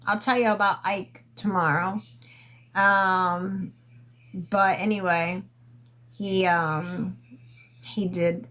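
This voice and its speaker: A woman hosting a casual livestream, telling a long story into her phone in a rambling, halting way with lots of fillers and swearing. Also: fairly low pitch, fairly bright tone, low-quality recording. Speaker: livestream host.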